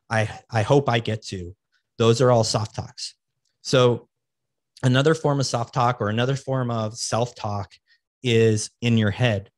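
A man's voice: medium pitch, no echo, clean studio sound. A man in his thirties hosting a podcast, giving casual motivational talk in a plain-spoken way. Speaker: podcast host.

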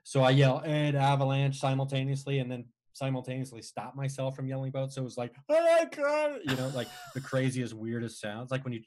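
A man casually telling a long personal story, rambling with frequent restarts and animated retellings. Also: medium pitch, fairly quick, few pauses. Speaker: guest storyteller.

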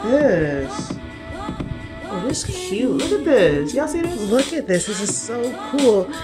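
Young woman unboxing stuff in her apartment, slangy and goofy, lively pitch, music going underneath. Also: unhurried. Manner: animated and playful, slangy, breaks into song. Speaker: vlogger. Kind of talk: casual unboxing vlog. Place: studio apartment.

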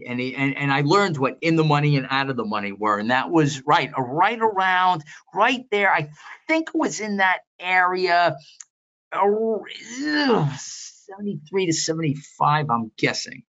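An older man recounts his past in an interview, stopping and restarting as he goes and then getting animated. The audio is a little muffled and lo-fi. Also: fairly high pitch, measured pace. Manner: rambling, animated anecdotes with many restarts. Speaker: guest, veteran market analyst. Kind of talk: storytelling interview.

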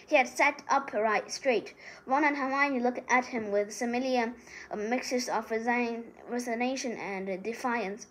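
A woman reading a novel aloud, with halting delivery and frequent restarts. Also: fairly high pitch, poor audio. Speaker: reader. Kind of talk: amateur audiobook reading.

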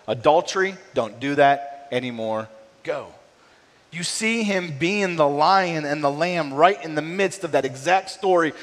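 Conversational pastor with hall reverb. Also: male voice, a little high, fairly bright tone. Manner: conversational, frequent tag "right?". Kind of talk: sermon. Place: church sanctuary.

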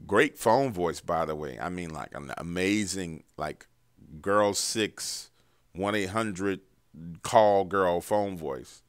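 A man's voice: sits low, takes it slowly, clear, resonant tone, no room sound, studio quality. A man hosting a paranormal story show, casually retelling callers' encounters in a loose, profane, conversational way while driving.

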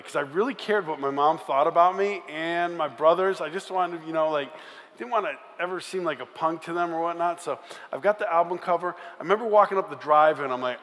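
A man's voice: on the high side, a little fast, a bit bright. A man telling a comic story to a youth conference crowd, acting out voices and sound effects. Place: large conference hall. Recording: live hall with long reverb, faint room noise.

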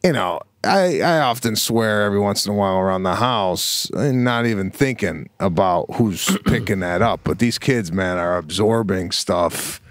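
A middle-aged man co-hosting a casual podcast chat, talking about parenting in a relaxed, earnest way. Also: normal speed, few pauses, no room sound. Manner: relaxed, earnest, drops into a low calm voice when quoting himself as a parent. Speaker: podcast co-host.

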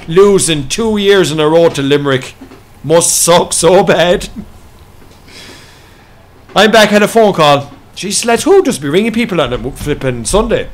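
This Irish livestream host runs a live farming game stream, trading banter, slagging his mates, reading the chat aloud and laughing a lot. He speaks a little high with lively intonation, briskly and with hardly any pauses.

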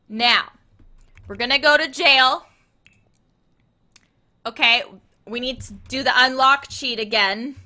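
A woman's voice: high voice, sharp tone. A young woman giving chatty, playful commentary on her gameplay and talking to the characters on screen. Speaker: let's play host.

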